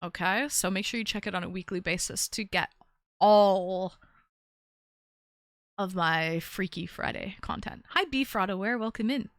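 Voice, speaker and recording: A woman's voice: mid-range voice, a little fast, few pauses, fairly bright tone, dry recording, studio quality. A woman hosting a casual call-in live stream, rambling through a story and greeting chat as she goes. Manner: chatty, rambling, reads chat aloud.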